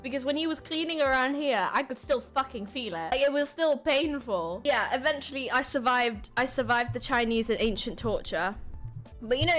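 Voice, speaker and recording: A young woman streamer telling a story casually, animated and swearing, laughing often. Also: high-pitched.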